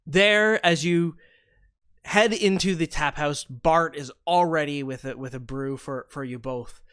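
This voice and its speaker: A man narrating as game master of a tabletop role-playing game, describing the scene in a measured storytelling way. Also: on the high side, fairly bright tone, clean tone, dry recording, clean studio sound.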